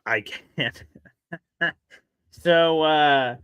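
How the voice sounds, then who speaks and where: Radio host, male, bright forceful voice, dry close mic, lively storyteller. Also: fairly high pitch, drawn-out words, clear, resonant tone, dry recording. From South Carolina. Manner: animated, acts out voices in his stories. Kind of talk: casual call-in storytelling.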